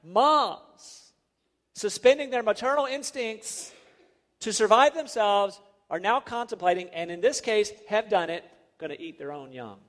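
A man's voice: high-pitched, lively intonation, measured pace, a bit bright. A man preaching a sermon as a pastor, emphatic and full of rhetorical questions. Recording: long reverb of a large hall.

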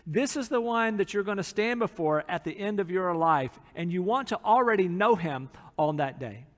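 A man's voice: high voice, lively intonation, moderate pace, big-room sound. A man preaching a sermon as pastor, earnest, acting out quotes from people in the text.

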